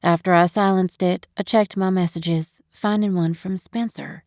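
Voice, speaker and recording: A woman narrating a first-person romantic audiobook, expressive and measured. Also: lowish voice, no echo, studio quality. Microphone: studio microphone, close.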